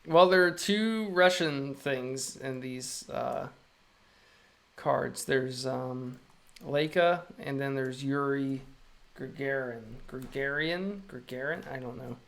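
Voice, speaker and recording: Streaming illustrator, mid-pitched and a bit gravelly, deadpan jokes between drawing remarks. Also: slow. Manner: wry, self-amused, joking often with laughs. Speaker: illustrator live-streaming work. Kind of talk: casual live-stream chat while drawing.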